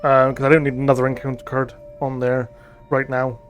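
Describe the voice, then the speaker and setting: A man's voice: medium pitch, monotone, fairly quick, soft background music. A man giving thinking-aloud commentary as he plays a digital board game, reading card text aloud and musing with frequent ums.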